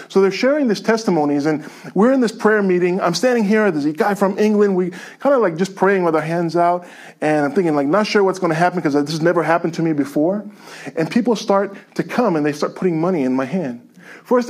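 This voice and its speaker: Man, high voice, church testimony, lively storytelling, chuckles along. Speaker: guest speaker sharing a testimony.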